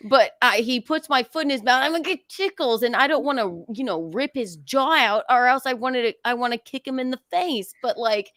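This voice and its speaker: A woman guest on a comedy podcast, telling stories with animated put-on voices, laughing often and swearing. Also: sits high, brisk, hardly any pauses, no room sound, studio quality. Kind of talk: casual comedic chat.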